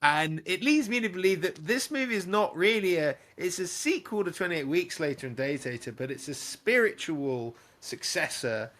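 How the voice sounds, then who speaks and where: A man hosting a podcast, talking about films in a chatty, loose and excitable way. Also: high voice, moderate pace, hardly any pauses. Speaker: podcast host. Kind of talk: casual film discussion.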